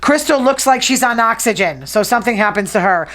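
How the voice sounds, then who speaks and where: Fast-talking opinionated woman host. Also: a little high, lively intonation, fairly bright tone. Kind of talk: casual gossip commentary.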